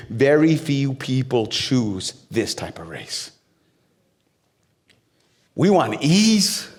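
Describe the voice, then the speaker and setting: A man preaching a sermon in a fairly high voice. He talks to the congregation like he is chatting with them, asks them questions and cracks jokes. Then he builds up to loud, soaring peaks. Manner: conversational with humor and direct questions to the crowd. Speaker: pastor.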